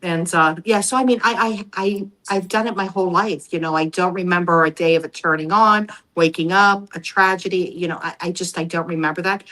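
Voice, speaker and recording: A middle-aged woman, a podcast guest, telling personal stories in a casual, animated way and acting out the voices of other people. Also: fairly low pitch, a little fast, few pauses, rough recording. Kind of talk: casual storytelling.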